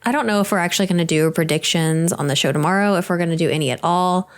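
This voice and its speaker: A woman's voice: fairly low pitch, fast. A young woman co-hosting a gaming podcast, chatting in an easygoing way. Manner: easygoing, brief interjections. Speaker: podcast co-host. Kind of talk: casual chat.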